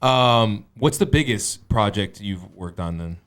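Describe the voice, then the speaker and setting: A man's voice: lowish voice, animated, slight background noise. A man hosting a podcast, laid-back and slangy, asking casual questions. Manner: laid-back, slangy, quick agreeing interjections. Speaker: podcast host.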